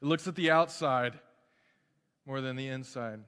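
A man preaching a sermon as a pastor in a lively, joking way, often restarting his phrases. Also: medium pitch, normal speed, clear, resonant tone. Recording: long hall reverb.

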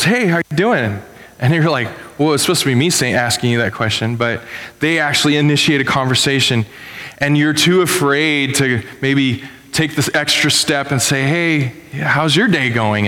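A male pastor delivers a sermon in a relaxed, storytelling way and rises sharply in pitch on key questions. His voice sits at an ordinary middle pitch. The sound carries the long reverb of a church sanctuary. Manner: conversational storytelling, animated with sudden pitch jumps.

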